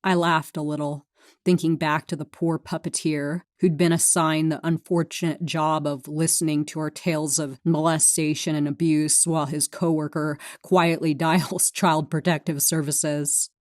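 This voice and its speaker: A low-voiced woman reads her memoir as an audiobook, speaking frankly and with a sardonic, dry wit. The recording is close and completely dry, with no room sound. She is from California. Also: level tone, moderate pace, a little mellow, no room sound. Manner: frank, sardonic, dryly funny. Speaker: memoir narrator.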